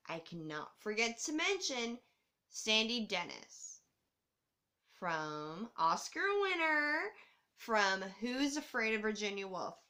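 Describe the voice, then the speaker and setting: A young woman hosting a casual movie review countdown, excitable and swearing, laughing and swooping up and down as she talks. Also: on the high side. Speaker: host.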